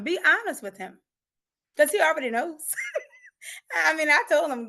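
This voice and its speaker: A woman's voice: sits high, lively intonation, moderate pace, gravelly, pauses often, bright, forceful tone. A woman speaking as an interview guest and coach, giving an emotional personal testimony in an earnest, emphatic way that often breaks into laughter.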